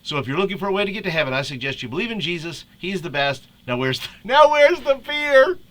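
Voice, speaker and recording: Man lightly doing a goofy cartoon dad preaching cheerfully, bright-toned and playful. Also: high voice, sing-song, quick pace, voice pushed up.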